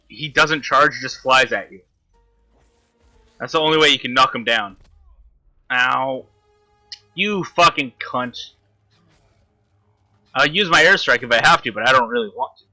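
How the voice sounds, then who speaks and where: A man's voice: on the high side, pushed and bright. A man commentating his own gameplay, frustrated and swearing constantly at the enemy he is fighting. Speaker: gamer.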